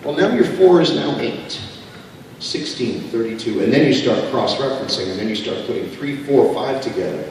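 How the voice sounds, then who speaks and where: A man speaking as a guest on a convention panel, answering audience questions in an animated, joking way. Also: medium pitch. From Canada. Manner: animated, joking, quick asides. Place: large convention hall. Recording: echoey hall from far off with ambient noise.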